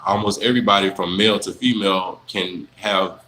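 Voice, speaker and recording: A young man, chatting casually on a livestream, answering viewers in a relaxed, rambling way full of fillers. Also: low voice, brisk, slight background noise, poor audio. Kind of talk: casual live Q&A chat.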